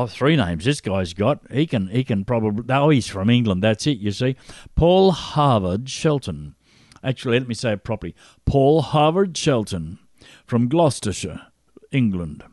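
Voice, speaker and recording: A man's voice: medium pitch, darkish tone, no room sound, studio quality. A man hosting a gospel podcast, reading out supporters' names and home towns with playful jokey asides. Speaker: podcast host.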